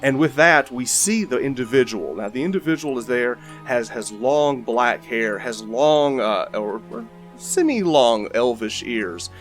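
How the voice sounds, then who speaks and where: A man's voice: mid-range voice, animated, measured pace, hardly any pauses, soft background music. A man narrating as game master of a tabletop game, rambling with frequent restarts.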